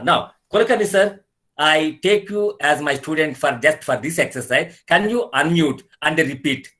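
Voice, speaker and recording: A man's voice: on the high side, animated, moderate pace, fairly bright tone. An older man with an Indian English accent, teaching laughter yoga over a video call in an earnest, repetitive way with demonstrated laughs. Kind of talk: online webinar instruction.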